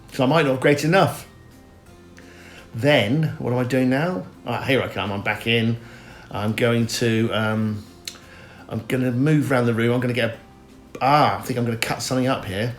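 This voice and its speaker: Rambling deadpan dad narrating. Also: male voice, mid-range voice, moderate pace. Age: middle-aged. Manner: rambling, chatty, mock-earnest, talks straight to viewers. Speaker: comic voice-over narrator. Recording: roomy sound with faint music.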